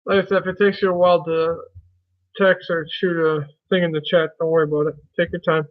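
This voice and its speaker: A man's voice: fairly high pitch, little pitch movement, a little fast, phone-quality sound. A man hosting a casual live stream, chatting in a folksy way and greeting viewers by name.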